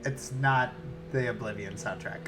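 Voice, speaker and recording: A woman's voice: very deep voice, a little slow. A woman hosting a live tabletop game stream, chatting casually and teasing her players. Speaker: stream host and game master. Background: background game music.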